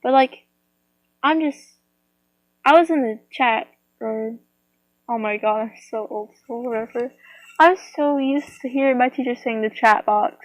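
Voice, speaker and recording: A woman's voice: a little high, unhurried, no room sound, lo-fi sound. A woman chatting casually to her viewers, rambling with lots of fillers and restarts. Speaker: vlogger.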